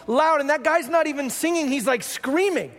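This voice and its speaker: An exasperated wife complains that the music is just screaming, as a preacher quotes her in his own high voice. The sound carries a long reverb, as in a large hall. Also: moderate pace, a bit bright. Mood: annoyed.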